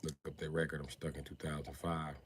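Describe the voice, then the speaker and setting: A man chatting casually on a live stream, ranting with profanity and sudden loud outbursts. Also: a bass voice, level tone, fast talker, slight background noise.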